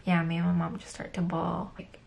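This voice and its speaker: Upset young woman vlogger, low voice. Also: little pitch movement, brisk, vocal fry, a little mellow, slight background noise. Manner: upset, tearful retelling with many fillers. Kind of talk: casual storytelling to camera.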